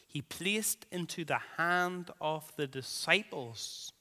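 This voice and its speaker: A man preaches unhurriedly in a slightly raised, bright voice. He swells and then sinks to near quiet, repeating key phrases for weight, and his words ring out with a long echo through a church hall. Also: fairly high pitch, expressive, takes it slowly. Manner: dramatic preaching, swells and drops in volume, repeats phrases for emphasis. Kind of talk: sermon.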